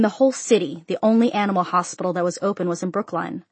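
Breathy woman reading an audiobook. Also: fairly low pitch, fast, hardly any pauses, darkish tone, dry recording. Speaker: narrator. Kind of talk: audiobook narration.

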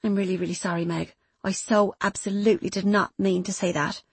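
A woman's voice: mid-range voice, steady tone, fairly quick, husky, dry recording. A woman voicing a remorseful young mother who talks earnestly and insistently in an audiobook. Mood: apologetic. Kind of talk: audiobook character voice.

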